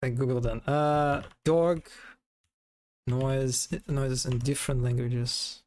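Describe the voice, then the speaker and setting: Slow-talking male streamer imitating animal sounds. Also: mid-range voice, fairly even intonation, darkish tone. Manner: amused, imitates animal sounds, frequent restarts. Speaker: live streamer. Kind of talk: casual live-stream commentary.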